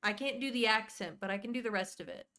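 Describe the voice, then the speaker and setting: A woman's voice: on the high side, quick pace, bright, forceful tone. A woman live streaming as she plays a game, chatting casually, rambling through details and greeting viewers by name. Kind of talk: casual live-stream chat while playing.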